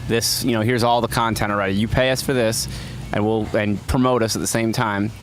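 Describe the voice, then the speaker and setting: A fast-talking man with a low voice in a relaxed podcast chat. He rambles, circles back, and repeats phrases as he works through a thought. A faint hiss sits under the recording. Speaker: podcast co-host. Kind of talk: casual chat.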